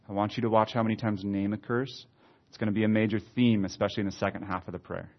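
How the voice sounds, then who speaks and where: A man preaching, reading scripture aloud slowly and then adding conversational comments. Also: on the low side, little pitch movement. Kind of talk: expository Bible teaching. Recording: slightly dull lo-fi sound.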